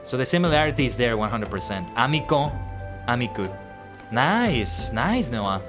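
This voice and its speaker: Lively male streamer chatting over music. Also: medium pitch, moderate pace. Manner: animated, reads and answers chat aloud. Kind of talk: casual chat with live viewers.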